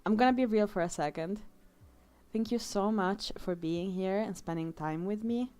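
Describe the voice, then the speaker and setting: Young woman art streamer, smooth clear voice, sincere and halting, casual live chat. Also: medium pitch, dark tone. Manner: emotional, heartfelt, halting with fillers.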